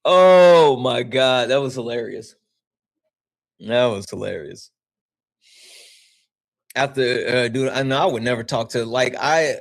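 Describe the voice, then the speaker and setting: A man hosting his own livestream, chatting loosely with viewers. He swears freely and breaks into laughter often. His voice sits at a middle pitch. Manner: profane, animated, laughing often. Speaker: livestream host. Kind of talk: casual livestream chat.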